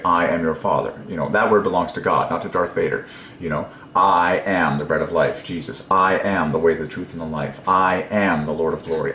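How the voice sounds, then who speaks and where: Deep-voiced man marvelling in a roomy space. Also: pushed and bright, a little hiss or hum. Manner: enthusiastic, marvelling, with frequent laughs and repeated okays. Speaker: religious numerology video host. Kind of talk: casual devotional lecture.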